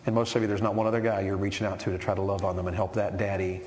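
A man's voice: low voice, little pitch movement, racing. Male preacher in an echoey hall. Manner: rhetorical questions, building to forceful emphasis. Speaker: preacher at a men's meeting. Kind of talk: sermon. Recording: echoey hall with long reverb and faint noise.

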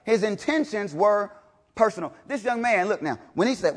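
A man delivers a sermon to his congregation, emphatic and repetitive, moving between loud proclamations and low, intense stretches and asking rhetorical questions. He sounds animated and keeps a moderate pace.

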